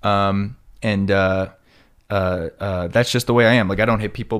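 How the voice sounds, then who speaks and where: A man's voice: fairly low pitch, fairly even intonation, moderate pace, a bit bright. A man with a New York accent hosting a casual solo podcast, rambling along with plenty of fillers and self-corrections. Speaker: podcast host.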